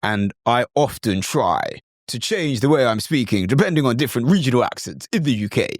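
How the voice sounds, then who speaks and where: A British man hosting an instructional podcast, talking in a lively, demonstrative way and sometimes slipping into mimicked accents. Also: mid-range voice, a little fast, no echo, clean studio sound. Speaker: podcast host.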